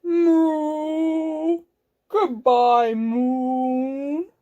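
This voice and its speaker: A woman voicing a gentle, bewildered female cow in a storybook reading, speaking mildly with moos in her lines. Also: high-pitched, flat delivery, very slow, muffled recording. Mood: plaintive. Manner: mild, plaintive mooing speech.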